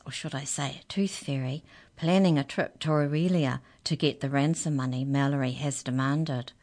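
A woman hosting a radio storytime, reading a children's book aloud in an expressive, gentle way. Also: sits low. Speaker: storytime reader on community radio.

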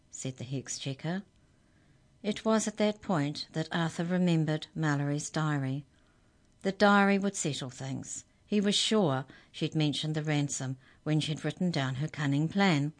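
Lady reading a kids' story, deep voice, calm and even. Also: unhurried. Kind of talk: reading a children's story aloud.

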